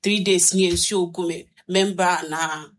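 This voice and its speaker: Ghanaian female presenter, low-pitched voice, direct and pressing on radio. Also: steady tone, a little slow. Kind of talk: radio talk.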